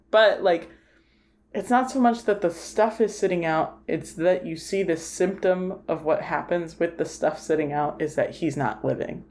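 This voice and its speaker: A woman's voice: lowish voice, moderate pace, darkish tone, a little hiss or hum. Chatty woman podcaster retelling a film. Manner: chatty, full of "like" fillers, retells scenes with acted quotes. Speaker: podcast co-host. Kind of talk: casual film discussion.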